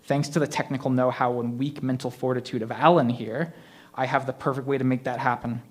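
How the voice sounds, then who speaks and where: A man's voice: mid-range voice, fairly even intonation, brisk, close to an everyday voice. A man reading a story aloud, voicing a vengeful male ghost who possesses a middle-aged man, with mocking, theatrical menace. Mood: gloating.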